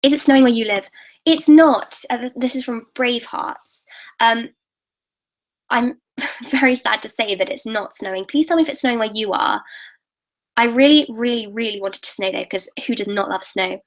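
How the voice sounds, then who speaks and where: A teenage girl with a fairly high voice runs a casual live stream, answering viewers' questions. She talks eagerly and chattily and often trips over and restarts her sentences. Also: moderate pace, poor audio. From England. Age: late teens. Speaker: YouTuber hosting a live Q&A.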